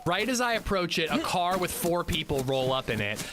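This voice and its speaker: A man's voice: high voice, big pitch swings, moderate pace, noisy background. A man chatting casually while livestreaming a video game, rambling and self-mocking. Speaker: game streamer.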